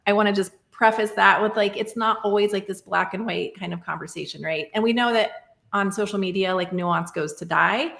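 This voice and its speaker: A woman's voice: mid-range voice, brisk, gravelly, a bit bright, reverberant. A woman in her thirties, a podcast guest talking through a personal story in a reflective, casual way, often saying "like" and "right?". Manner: reflective, many fillers like "like" and "right?".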